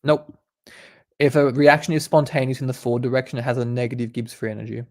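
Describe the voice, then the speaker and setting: A man's voice: mid-range voice, little pitch movement, quick pace. A young man, a medical student, reading quiz questions aloud and explaining the answers in a laid-back, casual way. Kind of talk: casual quiz study session.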